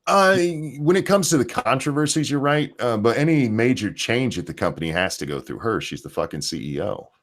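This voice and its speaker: A man's voice: mid-range voice, expressive, brisk, hardly any pauses. A man hosting a podcast, talking in a casual, profane, rambling way about the news. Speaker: podcast host. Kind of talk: casual opinion chat.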